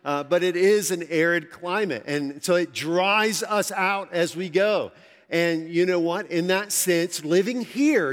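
A pastor preaching a sermon to his congregation, earnest and conversational, slowing down to stress key phrases, his throat a little dry. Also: fairly high pitch, a bit bright. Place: large church sanctuary. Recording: long hall reverb from a large church.

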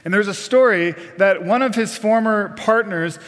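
Preacher guy, high voice, keeps asking the congregation questions, big churchy reverb. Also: moderate pace, fairly bright tone. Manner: questioning the congregation directly, folksy asides. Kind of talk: sermon.

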